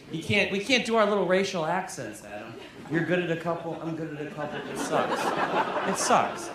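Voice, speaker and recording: A man performing a live stand-up set, deadpan and mock-serious, often laughing at his own jokes. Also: fairly high pitch. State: drunk. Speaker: stand-up comedian. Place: comedy club stage. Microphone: handheld stage mic. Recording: roomy live club recording with crowd noise. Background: audience laughter.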